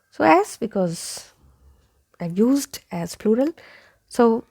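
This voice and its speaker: A woman teaching English pronunciation, saying each word slowly and repeating it several times. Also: mid-range voice, sing-song, husky. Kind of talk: pronunciation lesson.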